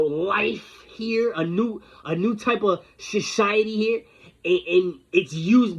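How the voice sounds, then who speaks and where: A man's voice: sits high, breathy edge. A man delivering an angry, rambling, confrontational rant full of profanity. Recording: dull lo-fi recording.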